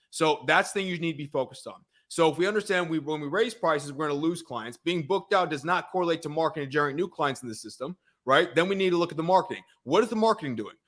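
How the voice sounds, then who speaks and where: Blunt, bright-voiced man coaching business. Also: a little high. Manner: blunt, profane, repeats himself emphatically. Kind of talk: blunt debate-style conversation.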